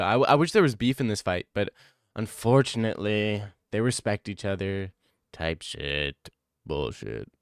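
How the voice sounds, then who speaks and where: A man's voice: lowish voice, clean tone, no room sound, studio quality. A young man streaming, chatting casually, joking, laughing and swearing freely.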